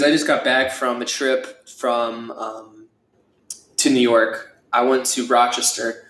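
A young man talks through a casual solo podcast in a loose, rambling way. He swears often and leans on fillers as he talks. His voice has a mid pitch and echoes off the room around him. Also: fairly bright tone. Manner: rambling, profane, with many fillers. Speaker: podcast host.

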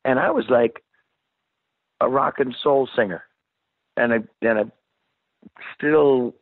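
A man's voice: medium pitch, takes it slowly, no echo. A rock singer in his sixties telling a story in a casual interview, rambling and cursing and acting out the voices of people he quotes. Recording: dry, phone-like narrow sound.

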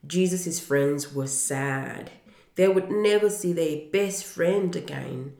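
A woman reads a children's storybook aloud with an earnest, heartfelt delivery. Her voice is low and gravelly and she takes her time, in a room with a clear echo. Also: slow pace, warm tone. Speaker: parent reading to listeners. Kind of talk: storybook reading. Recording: roomy echo.

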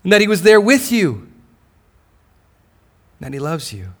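A male pastor delivers a sermon in a slightly high voice. He swings between strong, rising declarations and quiet, intimate asides. His delivery stays emphatic throughout. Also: very animated, unhurried.

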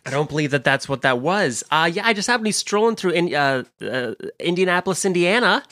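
A man doing an impression of a brash, self-absorbed male movie star, drawn-out and bumbling, in a comedy podcast sketch. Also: on the high side, expressive, pushed and bright, dry recording, studio quality, voice pushed up. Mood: pompous. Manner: boastful, bumbling, drawn-out delivery.

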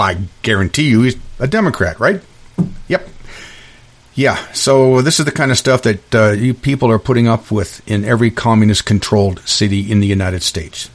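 A man hosts a solo podcast in an emphatic, ranting monologue. He often restarts his sentences. His voice sits at an ordinary middle pitch. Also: expressive, moderate pace. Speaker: podcast host. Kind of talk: opinion monologue.

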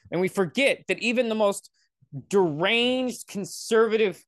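A man's voice: sits high, fairly bright tone, dry recording. A young man hosting a podcast, ranting in a sarcastic, profane, rambling way into a close mic. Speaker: podcast host. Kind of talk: comedic solo rant.

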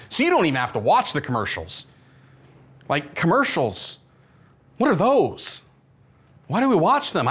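A man preaching a conversational sermon as a pastor, animated and full of rhetorical questions. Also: a little high.

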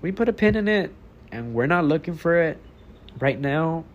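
Talking alone on his own podcast, an eighteen-year-old man from Texas rambles in a blunt, profane, casual way. His voice sits on the higher side and is expressive, at an ordinary speed, and the recording has its high frequencies cut off.

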